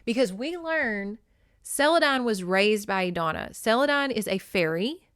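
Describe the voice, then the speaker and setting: Woman, podcast book recap, chatty and profane, smooth clear voice, dry close mic. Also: a little high, expressive, unhurried, fairly bright tone, no echo. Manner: chatty, swearing, laughing asides. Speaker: podcast host recapping a novel. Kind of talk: casual book recap with read-aloud passages.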